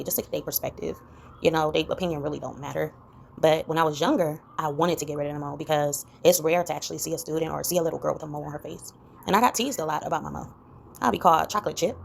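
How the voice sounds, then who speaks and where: Woman, low pitch, gravelly, reflective vlog talk, rambling, fillers. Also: fast, a little hiss or hum. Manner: rambling, many "you know" fillers. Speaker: vlogger.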